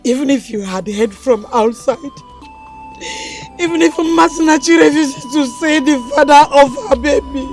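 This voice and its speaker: A woman's voice: high-pitched, normal speed, a little mellow, faint music behind. An actress with a Nigerian accent playing a distraught middle-aged mother who scolds her pregnant daughter. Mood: worried. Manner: scolding, emotional. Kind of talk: film drama acting.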